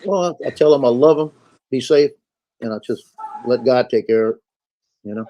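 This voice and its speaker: A man's voice: mid-range voice, moderate pace, dull audio. A man telling stories in a casual chat, acting out the voices of the people he quotes. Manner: folksy storyteller, acts out quoted voices. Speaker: co-host on a live stream.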